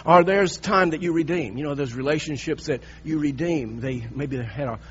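A man in his sixties preaching, telling a personal story with lively, halting restarts. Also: a little high, muffled recording, a little hiss or hum. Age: 60s. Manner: animated storytelling with repeated restarts.

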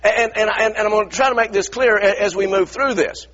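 A middle-aged pastor preaching a sermon in a church, earnest and repetitive, stumbling over restarts and firing rhetorical questions. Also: male voice, high voice, fairly quick, a bit bright, lo-fi sound.

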